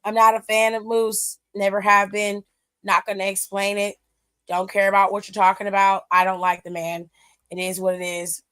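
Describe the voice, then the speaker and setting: A woman's voice: medium pitch, flat delivery, normal speed, a bit bright, clear, resonant tone. A woman hosting a wrestling aftershow, recapping matches in a blunt, sassy, casual way full of slang.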